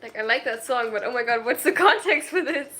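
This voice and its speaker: This twenties-aged woman speaks at a fairly high pitch with an expressive, sharp tone over slight background noise. Chatting casually on a livestream, she gets flustered, often breaks off mid-thought, and is quick to laugh.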